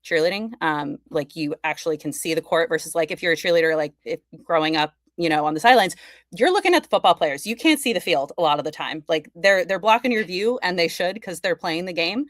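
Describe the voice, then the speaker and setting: A woman's voice: lowish voice, animated, quick pace, dry recording, clean studio sound. A young woman guest on a podcast, chatting eagerly about her work, with lots of likes and you-knows. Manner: enthusiastic, chatty, many fillers. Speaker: podcast guest, fashion content creator. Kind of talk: casual conversation.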